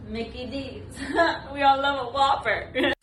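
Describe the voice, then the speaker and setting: A woman's voice: high voice, fairly even intonation, takes it slowly, a little hiss or hum. A woman doing a comic impression of a female politician, laughing as she talks. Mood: giggly. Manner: giggly, laughing between lines.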